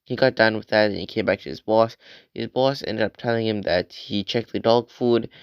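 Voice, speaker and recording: A young man retelling a story in a relaxed, casual way, often tagging sentences with "right?". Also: fairly low pitch, normal speed, clear, resonant tone, no echo, muffled recording. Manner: relaxed, frequent "like" and "right?" tags. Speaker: channel host retelling an online post.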